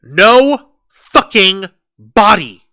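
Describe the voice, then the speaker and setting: A man ranting about wrestling on a podcast, swearing freely and turning sarcastic. His voice sits high and cuts sharply. The recording is dry and close. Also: very animated, drawn-out words, bright, forceful tone, no room sound. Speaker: podcast co-host. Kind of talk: heated wrestling review chat.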